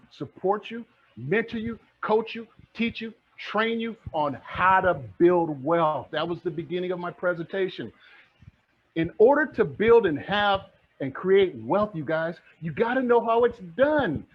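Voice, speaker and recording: In muffled, lo-fi audio, a middle-aged real estate mentor delivers a fired-up motivational talk with a high, husky voice. Like a preacher, he keeps repeating his points.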